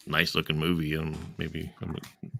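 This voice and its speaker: A man's voice: rumbling low, monotone, moderate pace, vocal fry, fairly bright tone. A man co-hosting a podcast, chatting in a laid-back, rambling way. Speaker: podcast co-host. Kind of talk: casual chat.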